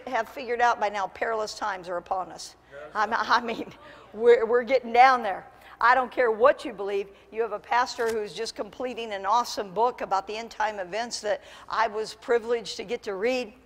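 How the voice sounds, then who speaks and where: Fervent woman preaching in echoing church. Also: fairly high pitch. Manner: lively storytelling, building to fervent shouts. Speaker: pastor. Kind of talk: sermon. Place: church sanctuary. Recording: long church hall reverb.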